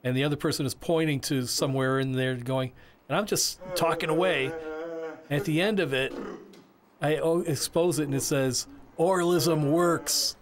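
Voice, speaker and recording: A man voicing a signer's interview answers as interpreter, halting with frequent restarts and repeated words. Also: a little high, fairly even intonation, a crowd in the background.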